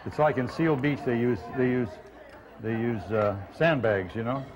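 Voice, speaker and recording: A man hosting a comic cooking show as the chef, fussing over the dish and repeating "all right" in a gruff way. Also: mid-range voice, moderate pace. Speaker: TV chef host. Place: television studio kitchen. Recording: noisy studio with crowd.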